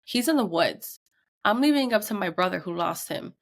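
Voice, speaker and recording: A woman in her thirties with a medium-pitched, creaky voice speaks briskly as a podcast co-host. During casual chat she gives an animated account of a tense family story, acting out the quotes as she goes.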